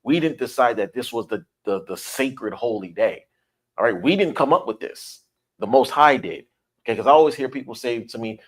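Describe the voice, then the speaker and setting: A man's voice: medium pitch, expressive, brisk. A man leading a Bible study in a teaching style, stressing and repeating his points and often checking in with "all right?".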